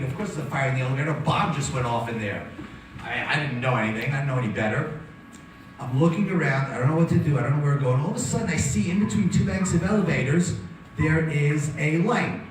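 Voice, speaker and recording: A man's voice: on the high side, slight background noise. A man, telling a dramatic survival story to an audience as a guest speaker. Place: hall with audience. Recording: very echoey hall from far off.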